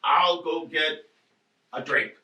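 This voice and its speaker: An actor playing an irritable, nervous husband after a burglary, blustering, swearing and ranting in a stage play. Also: male voice, fairly high pitch, steady tone, takes it slowly, sharp tone, a little hiss or hum, heavily acted. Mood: agitated. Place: theatre stage. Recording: roomy stage sound from a distant mic.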